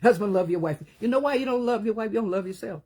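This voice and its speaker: Woman, preacher, sermon, husky voice, mid pitch, impassioned, emphatic, loud peaks and hushed asides. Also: fast.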